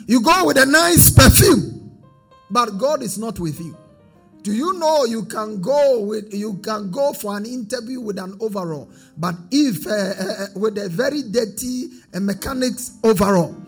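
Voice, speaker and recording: Husky high-voiced male preacher, sing-song. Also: a bit bright. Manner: sing-song preaching cadence, call-and-response. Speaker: pastor. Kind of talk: sermon.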